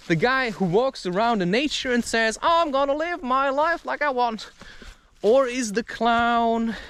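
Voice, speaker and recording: High-voiced man rambling slowly outdoors. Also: fairly bright tone, a little hiss or hum. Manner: profane, playful, slips into mock voices. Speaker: vlogger and podcast host. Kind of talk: rambling casual monologue. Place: outdoors in a forest.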